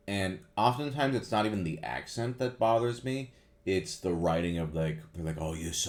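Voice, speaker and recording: A man, a voice actor, casually answering viewer questions and rambling with lots of fillers and restarts. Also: low-pitched. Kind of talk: casual Q&A chat.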